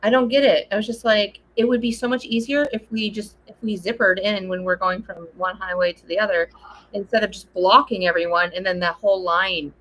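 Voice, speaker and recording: A woman co-hosting a casual chat, telling stories in an animated way and acting out what people said. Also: medium pitch, a little fast, low-quality recording. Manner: animated storyteller, acts out quotes.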